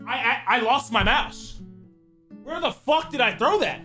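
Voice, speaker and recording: Man, gaming YouTuber, horror game commentary, lively swooping voice, loud curses and shouts. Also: very high-pitched, unhurried, soft background music. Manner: excitable, cursing, shouts and mutters to himself.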